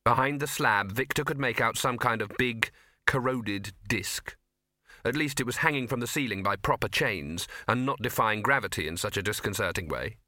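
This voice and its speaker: A man reading a novel aloud in an even, measured storytelling way. His tone is bright and forward, and the recording is close and dry with no room sound. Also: mid-range voice, no echo. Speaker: audiobook narrator. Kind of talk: scripted narration.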